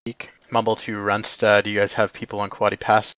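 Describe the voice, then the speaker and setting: A man's low voice directs his team in a war game, delivering terse, clipped orders with little rise or fall. The sound is dry and dull, like a cheap mic with the highs rolled off. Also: completely flat delivery, fairly quick, a bit bright, no echo. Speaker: platoon commander in an online war game. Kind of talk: terse voice-chat commands.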